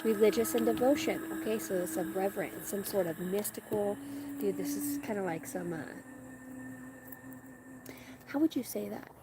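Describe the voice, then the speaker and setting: A woman's voice: medium pitch, normal speed, long pauses. A woman giving a rambling live tarot reading outdoors on rural land, stopping to talk to her dogs. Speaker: tarot reader. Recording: loud outdoor background noise.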